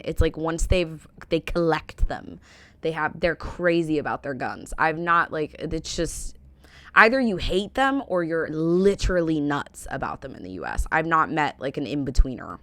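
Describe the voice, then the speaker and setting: A woman's voice: sits low, a bit bright, no echo. A woman from the United States giving casual reaction commentary, laid-back and full of fillers. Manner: laid-back, drawn-out remarks with lots of "like". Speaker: reaction video host.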